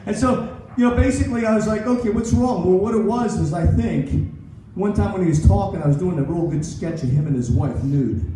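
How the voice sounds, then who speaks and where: A man's voice: on the high side, lively intonation, a little fast, hardly any pauses, warm tone, a little hiss or hum. A man in his sixties doing a rambling, self-mocking stand-up set at a comedy club. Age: 60s. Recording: echoey club recorded from far off.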